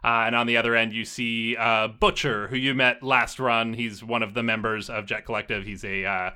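A man runs a tabletop game as game master. He narrates in a relaxed, rambling way full of fillers, and his voice is sharp and bright. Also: mid-range voice, normal speed, clean tone.

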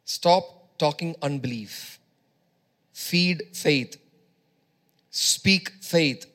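A man's voice: a little high, very slow, a bit bright. A male preacher giving a sermon, emphatic, repeating phrases and urging his congregation on.

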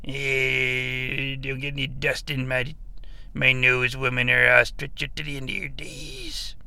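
Male actor as a boastful old wrestling patriarch: slow, halting, gravelly, bright and smooth, close dry mic. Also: medium pitch, dry recording, exaggerated voice. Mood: gruff. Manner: rambling, halting, full of uh and well. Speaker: comic character on a podcast. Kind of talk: improvised comedy podcast.

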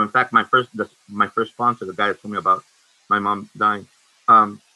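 A man in his sixties shares his recovery story at a meeting. His voice is low, husky and pressed hard, with a sharp, tense edge. He talks frankly and circles back, restarting his sentences often. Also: low-quality recording. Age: 60s. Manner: halting, frank and rambling, with many restarts. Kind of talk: personal testimony at a meeting.

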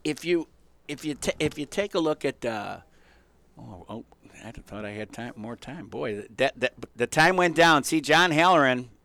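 A male radio talk show host telling a story in a casual, animated way, chuckling and acting out the people in it. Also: medium pitch, normal speed, vocal fry, no room sound.

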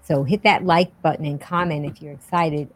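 A woman's voice: deep voice, steady tone, moderate pace, low-quality recording. A woman hosting a casual interview show, chatty and friendly, often restarting her sentences. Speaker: podcast host.

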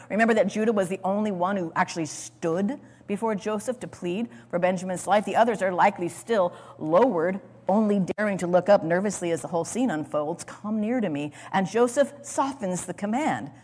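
A woman's voice: medium pitch, a little mellow. A woman teaching a sermon in dramatic storytelling style, repeating words as she goes. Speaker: Bible teacher. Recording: long hall reverb.

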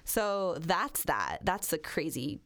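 A woman's voice: fairly low pitch, sing-song, takes it slowly, fairly bright tone. A woman hosting a true crime podcast, reading a long passage aloud and then chatting casually, swearing freely. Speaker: podcast host.

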